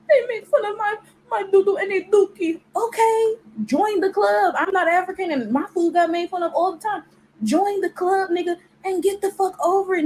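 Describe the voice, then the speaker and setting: A woman's voice: high-pitched, a little mellow, a little hiss or hum, low-quality recording. A woman giving a blunt, exasperated rant with mocking imitations. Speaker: commentator. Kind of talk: ranting video commentary.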